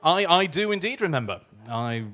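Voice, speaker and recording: At a live music club venue, a Scottish host of a musical theatre night chats playfully and pokes fun at himself in cabaret-style banter. His voice is on the high side and sharp, with big pitch swings and a moderate pace.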